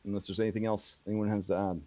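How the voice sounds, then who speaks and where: A man voicing a stern older male official who sighs and speaks in a measured, persuasive way. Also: fairly low pitch, level tone, darkish tone, close to an everyday voice.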